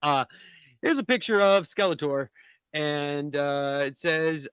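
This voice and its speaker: A man's voice: on the high side, slow pace, fairly bright tone, smooth, no echo. A man co-hosting a casual podcast, reading memes aloud with frequent fillers and laughs. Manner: laughs often, reads captions with hesitant fillers.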